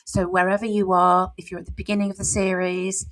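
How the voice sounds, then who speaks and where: Speaking a little fast in a low, level voice, the middle-aged author talks thoughtfully and openly on her podcast. The chat is casual, and "you know" comes up again and again.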